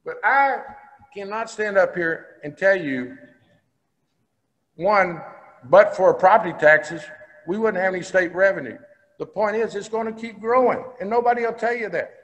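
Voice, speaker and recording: Speaking at normal speed, this older man has a high-sitting, slightly bright voice, and the recording's highs are cut off. He's a state senator from Texas giving a business-breakfast speech full of plain-spoken, folksy stories, heard through long hall reverb.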